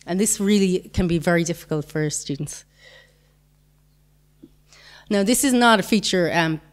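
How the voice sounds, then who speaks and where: A woman giving a conference talk, patiently explaining grammar with examples and the odd light chuckle. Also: lowish voice. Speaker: conference speaker.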